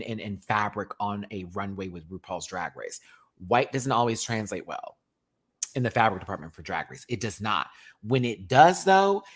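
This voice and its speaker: American guy doing a campy review rant, super expressive voice jumping all over. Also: on the low side, breathy edge. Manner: animated, campy, exclaiming with slang. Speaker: YouTube reviewer host.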